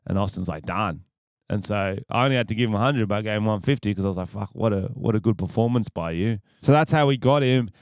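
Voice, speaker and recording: Foul-mouthed Australian podcast host. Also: male voice, lowish voice, fast, hardly any pauses, a little mellow, smooth, dry recording, studio quality. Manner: profane, rambling, laughs at own jokes. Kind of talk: casual podcast storytelling.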